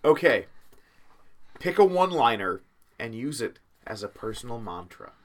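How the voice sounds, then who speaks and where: Animated male podcast host. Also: mid-range voice, moderate pace. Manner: animated, breaks into laughter. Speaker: podcast host and game judge. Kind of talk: casual podcast banter.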